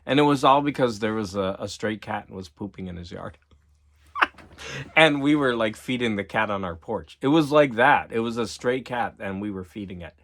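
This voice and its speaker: A man's voice: fairly low pitch, animated, moderate pace, a bit bright. A middle-aged man, a teacher and collector, talking to camera in a loose, rambling monologue full of "like" and restarts. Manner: rambling, repeats himself, filler-heavy with "like".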